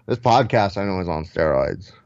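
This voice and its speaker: A man's voice: deep voice, expressive, moderate pace, gravelly, a little mellow, dry recording, muffled recording. A man doing an impression of a laid-back male fighter who talks in slurred slang, swears constantly and calls everyone dog.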